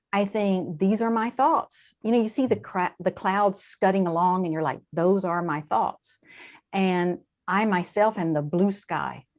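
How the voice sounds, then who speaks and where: A woman with a slightly low voice talks through ideas in a relaxed interview. She explains with animated asides, jumping up in pitch on quoted lines and then settling back down. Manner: animated, warm-hearted explaining with quick asides and laughs. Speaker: translator and guest. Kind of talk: conversational interview.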